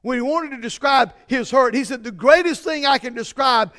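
A man's voice: very high voice, normal speed, pushed and bright. A man preaching a sermon, emphatic and repetitive, with frequent restarts and building stress.

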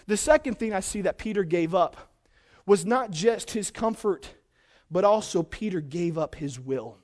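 A man's voice: high-pitched, lively intonation, a little slow, a little mellow. A young man preaching a sermon, telling a story with many restarts and building to emphatic points. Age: young adult.

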